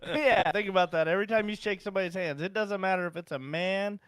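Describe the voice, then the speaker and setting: Excitable, clear-voiced man. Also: sits high, fast talker, dry recording, clean studio sound. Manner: excitable, crude, joking. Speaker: podcast co-host. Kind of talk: casual podcast chat.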